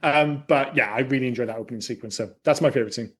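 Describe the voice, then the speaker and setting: A man's voice: medium pitch, racing, a bit bright. A man hosting a casual film podcast, chatty and wry, swearing freely. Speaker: podcast host.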